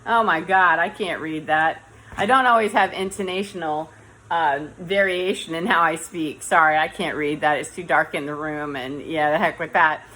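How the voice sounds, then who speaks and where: A woman's voice: low voice, moderate pace, sharp tone, a little hiss or hum, low-quality recording. A woman talking casually to camera in a dim room, rambling and correcting herself as she goes. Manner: rambling, self-correcting, chatty. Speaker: vlogger.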